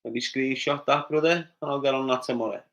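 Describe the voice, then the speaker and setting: A middle-aged man from Liverpool, England, with a Scouse accent hosts a casual livestream, reading out viewers' usernames and answering their comments one at a time in a chatty way. His voice is medium-pitched, gravelly and a bit bright, and he talks fast. The recording sounds muffled.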